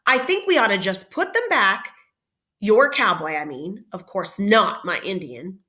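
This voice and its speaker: A woman's voice: mid-range voice, expressive, a little slow, pushed and bright. A woman voicing a careful, slightly stern boy who speaks firmly and coaxingly.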